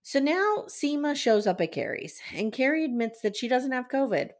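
A woman hosting a podcast, casually recapping a TV episode and acting out the characters' quotes in a lively way. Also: high-pitched, normal speed. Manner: animated retelling, acts out quotes. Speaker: podcast host.

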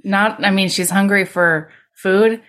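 A woman's voice: mid-range voice, steady tone, a little slow, fairly bright tone. A woman co-hosting a podcast, chiming in on a book recap with quips and reactions. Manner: reacts with gasps and quips, joins in the storytelling. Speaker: podcast co-host. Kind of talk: casual book recap chat.

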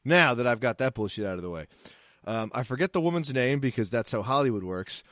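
A man's voice: mid-range voice, expressive, fairly quick, a bit bright, no echo. Podcast co-host, male, crude and rambling, dry recording. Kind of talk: casual chat.

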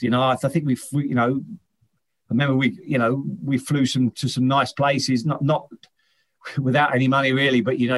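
A man, a former footballer, chatting as an interview guest, often restarting and repeating words as he tells stories. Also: medium pitch. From England, Northern Irish parents. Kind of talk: casual interview chat.

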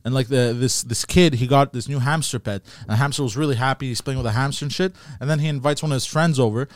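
A man's voice: mid-range voice, quick pace, dry recording, clean studio sound. A man co-hosting a comedy podcast, rambling through a story with lots of fillers in casual chat.

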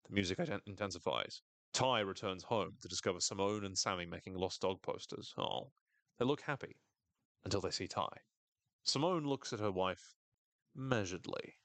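A man casually recapping a TV episode on a podcast, animated, sweary and wry. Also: deep voice, no echo.

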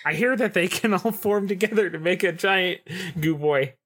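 A woman's voice: on the low side, normal speed. A woman playing a tabletop game in casual chat, wry and questioning. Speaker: player.

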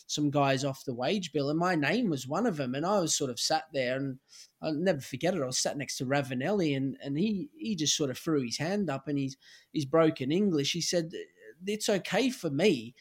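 A man's voice: on the high side, brisk. An Australian man in his forties, a podcast guest telling candid, rambling stories with casual swearing. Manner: relaxed anecdotal, many fillers, casual swearing. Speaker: podcast guest, former footballer. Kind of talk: candid storytelling chat.

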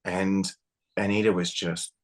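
A man with a very low voice co-hosts a casual podcast chat. He talks bluntly and swears freely, getting animated as he goes. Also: a little slow. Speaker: podcast co-host.

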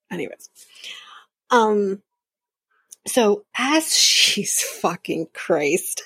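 Woman podcast host, gravelly and husky, close dry mic, sarcastic and swearing freely through a casual TV recap. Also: mid-range voice, no echo. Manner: profane, sarcastic storytelling with frequent laughs.

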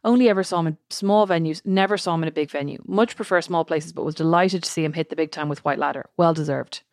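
A woman's voice: low voice, quick pace, a little mellow, no echo, studio quality. An Irish woman co-hosting a podcast, chatting casually and reading out listener messages with a wry tone. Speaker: podcast co-host. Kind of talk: casual chat.

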